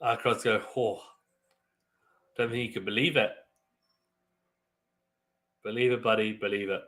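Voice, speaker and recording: With a fairly low voice and a moderate pace, this young watchalong host narrates live tennis excitedly, breaking into loud shocked outbursts and talking with his viewers as play unfolds.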